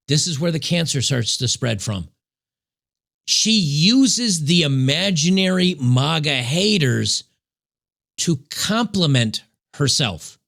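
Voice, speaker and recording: A man's voice: on the high side, creaky, a bit bright. A man hosting a reaction commentary show, talking in a sarcastic, mocking way. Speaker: commentary host.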